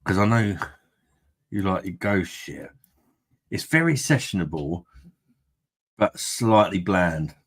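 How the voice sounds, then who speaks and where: A man's voice: low-pitched, lively intonation, slow pace, long pauses, husky. A man hosting a casual livestream, reading out viewer comments, jokey and rambling, tipsy from beer and laughing often. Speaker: livestream host.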